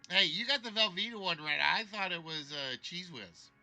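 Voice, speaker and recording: A man's voice: high-pitched, expressive, normal speed, sharp tone, soft background music. A man hosting a live-streamed trivia game show, joking and teasing the contestant.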